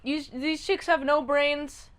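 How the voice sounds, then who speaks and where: A woman voicing a brash, greedy male crook who gets bored fast, talking loud and excitable while she recaps a story. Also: high-pitched. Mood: irritated.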